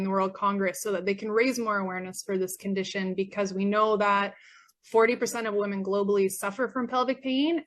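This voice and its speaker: A woman's voice: mid-range voice, a bit bright. A young woman from Canada sharing a personal patient testimonial, earnest and grateful, with frequent fillers, her voice getting worn. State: losing her voice. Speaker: former patient.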